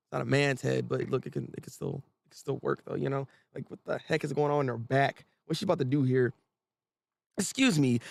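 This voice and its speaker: A young adult man giving live reaction commentary, animated and joking, laughing often and restarting his sentences. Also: fairly high pitch, vocal fry, no room sound, studio quality. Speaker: manga reaction host.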